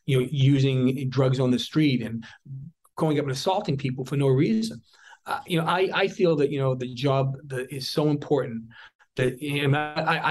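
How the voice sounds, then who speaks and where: A man's voice: medium pitch, a little mellow, low-quality recording. Older male prosecutor, earnest interviewee, restarts often mid-sentence. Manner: earnest, storytelling with frequent restarts. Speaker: district attorney. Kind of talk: interview talk.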